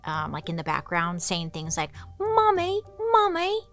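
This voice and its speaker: A woman's voice: low voice, level tone, normal speed, vocal fry, sharp tone, faint music behind. A woman podcast host telling a true crime story in a chatty, casual way full of "like" fillers.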